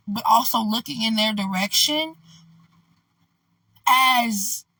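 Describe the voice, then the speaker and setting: A woman with a bright, fairly high voice tells a storytime vlog in a loose, rambling and candid way, leaning on "like" and "you know". She sits a little off the mic in a dry-sounding space. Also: dry recording, distant mic, poor audio. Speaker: vlogger.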